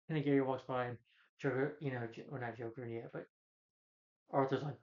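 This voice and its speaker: A man's voice: medium pitch, steady tone, brisk, pauses often, a little mellow, dull audio. A man casually recapping a film's plot in a rambling way, full of fillers and restarts. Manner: rambling, filler-heavy retelling with frequent restarts. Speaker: film reviewer. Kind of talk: casual spoken film recap.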